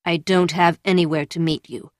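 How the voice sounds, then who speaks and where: A woman's voice: fairly low pitch, fairly even intonation, normal speed, no room sound, studio quality, close to an everyday voice. A woman voicing a suspicious, angry man who confronts his lover in blunt, accusing lines.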